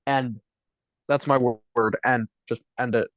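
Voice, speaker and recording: Heard on a slightly dull, lo-fi, dry recording, a mid-range male voice with a Buffalo, New York accent co-hosts a podcast. He's from Buffalo and keeps the chat loose, rambling and hedging with plenty of fillers.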